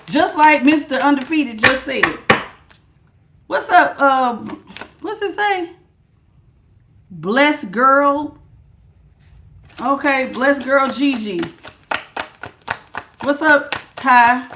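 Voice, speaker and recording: Loud, blunt woman tarot reader; high, carrying voice, sassy, laughs often, close on a good mic. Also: animated, extremely slow, pauses often, a little hiss or hum. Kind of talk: live tarot reading, chatting with viewers. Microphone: good studio mic.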